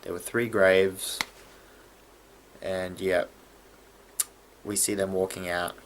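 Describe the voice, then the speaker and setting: A man with a fairly low voice talks casually through a TV episode for his video review. He gets worked up and trips over his words, restarting sentences. A faint background hiss sits under his voice. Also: slow. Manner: excitable, stumbling and restarting mid-sentence.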